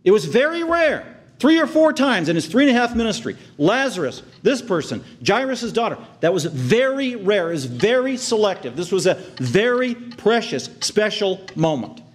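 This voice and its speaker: A man preaching a sermon with earnest conviction, dropping to hushed tender lows and rising to loud, excited highs as he acts out the scene. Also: normal speed, hardly any pauses, breathy edge. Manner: acts out the crowd's outraged reactions in a raised voice. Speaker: pastor.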